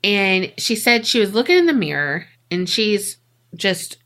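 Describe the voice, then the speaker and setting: Young female podcast co-host, bright tone, unhurried, foul-mouthed storyteller. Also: medium pitch, very animated. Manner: slangy, profane, dramatic retelling. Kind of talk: casual storytelling chat.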